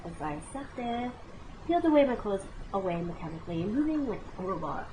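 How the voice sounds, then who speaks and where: A woman in her late twenties telling a comic personal story as a vlogger, animated and dramatic, with exclamations and asides to the viewer. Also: mid-range voice, brisk, a little hiss or hum, low-quality recording. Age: 20s.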